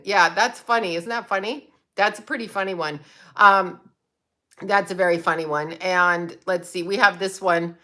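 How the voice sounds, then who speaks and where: A woman's voice: mid-range voice, normal speed, bright, forceful tone. A middle-aged woman chatting casually on a livestream, laughing often and talking to viewers by name. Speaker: psychic medium and livestream host.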